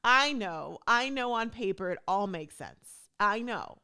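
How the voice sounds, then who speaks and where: A woman's voice: mid-range voice, measured pace, clear, resonant tone. A woman hosting her own podcast, talking casually and chattily, acting out what people said to her. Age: adult stepmom. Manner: chatty, animated, acts out quoted talk. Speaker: podcast host. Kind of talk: casual solo talk.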